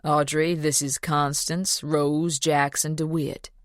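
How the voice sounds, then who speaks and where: A woman's voice: deep voice, level tone, slow pace, no room sound, clean studio sound. A woman voicing an awkward young man who answers in a stiff, clipped, uneasy way. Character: young man, awkward, embarrassed grown son.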